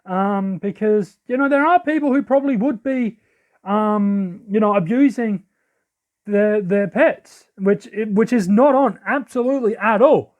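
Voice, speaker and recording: A man giving excitable, casual commentary while playing a game. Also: high voice, unhurried. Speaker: let's play host. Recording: lo-fi audio.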